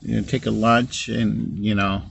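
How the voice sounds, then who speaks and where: Gravelly rambling handyman. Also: on the low side, little pitch movement, a little slow, lo-fi sound, slight background noise. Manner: rambling, repeats "so anyway", acts out both sides of conversations. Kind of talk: casual storytelling.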